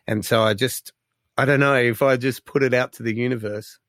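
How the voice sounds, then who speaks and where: A man, a musician guest telling stories in a casual interview, animated and full of fillers. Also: medium pitch, brisk, no echo, clean studio sound. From Australia. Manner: animated storyteller, lots of fillers, excitable.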